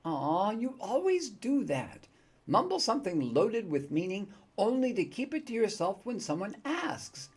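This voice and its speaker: A man's voice: sits high, huge pitch swings, measured pace, husky, voice pushed up, exaggerated voice. An older man reading aloud the lines of a cheerful, chatty young woman adventurer in a playful tone.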